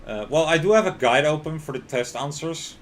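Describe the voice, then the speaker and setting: A streamer narrates the story of the visual novel he's playing, punctuating it with laughter and frantic outbursts. He talks fairly quickly in an expressive, high-leaning voice over soft background music.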